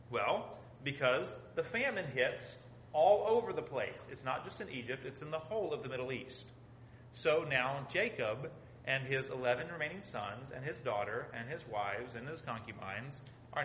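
A man's voice: medium pitch, a bit bright. Male Bible teacher, emphatic and questioning; recorded in an echoey space with a faint hum. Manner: emphatic, asks the audience rhetorical questions.

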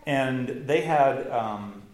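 A man's voice: mid-range voice, drawn-out words, reverberant, slight background noise, low-quality recording. A man preaching a sermon as pastor, earnest and emphatic, building intensity as he makes his points.

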